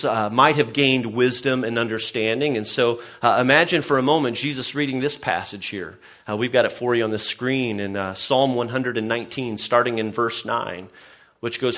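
Male pastor, sermon, earnest, restarts a lot, mid-pitched voice. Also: a bit bright. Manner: earnest, repeats words and restarts often, uses "I mean".

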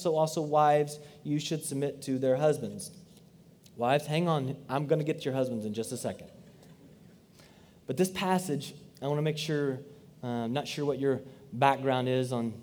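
A man's voice: mid-range voice, a little mellow, a little hiss or hum. A man in his thirties preaching a sermon, earnest and conversational, with frequent asides to the congregation. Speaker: pastor.

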